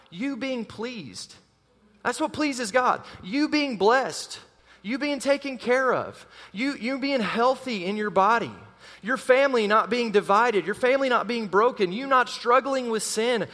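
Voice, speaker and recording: Pastor guy preaching, pretty high voice, lively, talking to the church, big hall echo. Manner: animated preaching, calls to the congregation. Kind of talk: sermon. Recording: long hall reverb.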